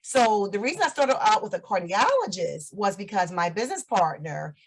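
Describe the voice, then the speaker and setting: A woman's voice: medium pitch, big pitch swings, normal speed, slightly rough, poor audio. A woman in her fifties, a guest on an interview show, telling her story in a chatty way and laughing often. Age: 50s.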